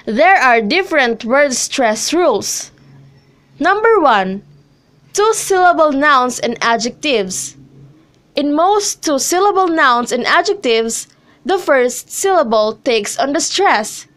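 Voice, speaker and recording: A young woman reading a scripted classroom lesson, slowly and carefully, with pauses between listed example words. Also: high voice, lively intonation, fairly bright tone. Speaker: student presenter.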